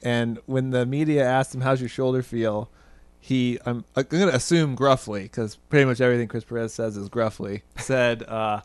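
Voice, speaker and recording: A man's voice: medium pitch, fairly even intonation, normal speed, few pauses, smooth, dry recording. A man co-hosting a casual sports podcast, chatty and joking, laughing often. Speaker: podcast co-host.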